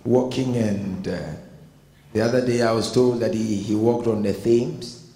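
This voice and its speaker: A man's voice: medium pitch, steady tone, a little slow, mellow, a little hiss or hum. A Ghanaian man with a Ghanaian accent preaching a sermon as pastor, emphatic and building in force. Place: church hall. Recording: echoey hall with long reverb.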